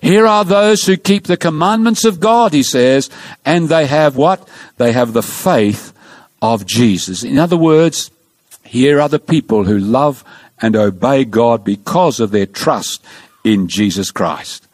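A man's voice: medium pitch, a little slow, no room sound. A man preaching a sermon, telling stories with animation and acting out the dialogue. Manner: animated storytelling with acted-out dialogue.

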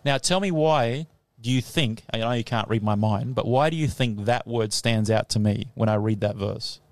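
A man's voice: fairly low pitch, normal speed, no room sound. A man teaching the Bible on live radio, quizzing a class in front of him and laughing often. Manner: lively, laughing, asks the audience questions. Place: tent or hall with a live audience.

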